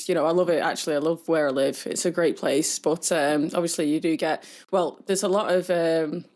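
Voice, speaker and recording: Chatty woman, lowish voice. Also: a little mellow. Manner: chatty storyteller with many fillers, mimics people in a high voice. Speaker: podcast co-host. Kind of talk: casual podcast chat.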